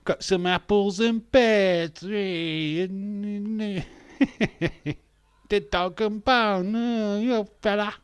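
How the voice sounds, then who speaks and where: A man's voice: high voice, steady tone, extremely slow, smooth, dry recording, voice pushed up. A man voicing an over-the-top Cockney geezer caricature with a mock Cockney accent, brash and sing-song. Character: loud exaggerated Cockney geezer caricature, cheeky.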